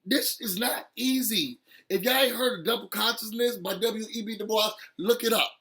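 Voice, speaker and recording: A man recapping a reality show episode in a casual, emotional chat, animated and laughing often as he talks straight to viewers. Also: high voice, moderate pace.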